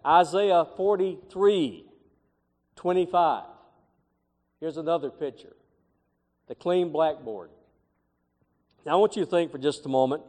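A man's voice: a little high, unhurried, pauses often, a little mellow. A middle-aged man preaching a sermon as pastor, with emphatic, swelling phrases. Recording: long hall reverb.

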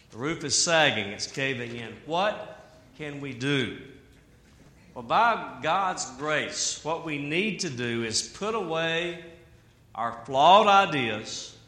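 A man preaching a sermon in an animated way, with humor and asides. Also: medium pitch. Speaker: pastor. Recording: echoey hall.

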